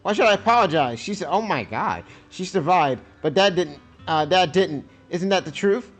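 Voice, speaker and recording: An angry teenage girl from a video game, read out with an edge by a man streaming. The voice sits a touch high and swings lively through each line, over faint music behind. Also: moderate pace. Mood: accusing.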